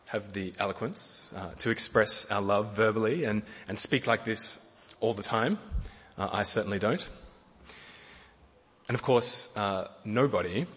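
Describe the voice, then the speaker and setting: A middle-aged man preaching a sermon in a gentle way, often repeating words and using fillers. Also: lowish voice, breathy edge. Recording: long hall reverb.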